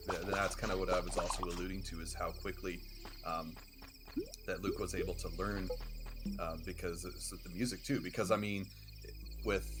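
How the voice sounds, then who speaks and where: A man's voice: low-pitched, noisy background. A man hosting a live game stream, chatting casually and acting out his own reactions with animation. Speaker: streamer host. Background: game music.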